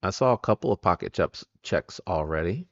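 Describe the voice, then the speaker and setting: Gravelly low-voiced man chatting on stream. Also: expressive, fairly quick, no echo, dull audio. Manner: rambling, chatty, greets viewers by name. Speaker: live stream host. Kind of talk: casual live-stream chat.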